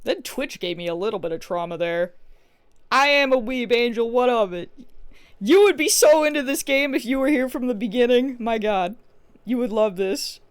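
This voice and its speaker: A woman's voice: a little high, lively intonation, normal speed, clear, resonant tone, no echo. A young woman streaming a game from home, telling a rambling story in a casual, chatty way with many restarts. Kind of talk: casual livestream chat while playing a game.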